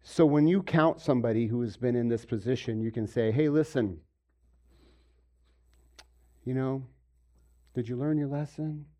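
A pastor giving a sermon, moving from quiet stretches to loud, emphatic preaching and asking his congregation questions. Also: medium pitch, moderate pace, pauses often. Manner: asks the audience questions. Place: room with a congregation.

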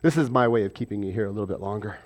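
A man's voice: fairly low pitch, very fast. A man preaching a sermon, asking and answering his own rhetorical questions and acting out voices from the stories he tells. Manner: acts out biblical and everyday voices.

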